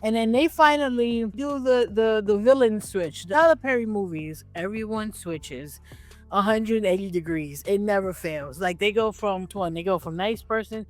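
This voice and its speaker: A woman's voice: medium pitch, moderate pace, faint music behind. A woman co-hosting a casual film review, recapping the plot in a laid-back, swearing way.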